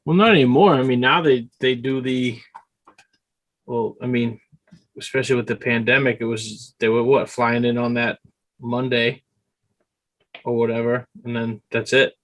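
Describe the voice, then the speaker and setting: A man's voice: mid-range voice, fairly even intonation, moderate pace, pauses often. A man co-hosting a podcast, telling stories in a rambling, casual way with many restarts. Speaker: podcast co-host. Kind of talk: casual chat.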